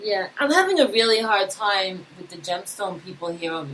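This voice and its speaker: A woman's voice: medium pitch, animated, normal speed, fairly bright tone, slight background noise, poor audio. A woman with a Brooklyn accent co-hosting a talk radio show, slangy and swearing freely in casual banter. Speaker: radio co-host.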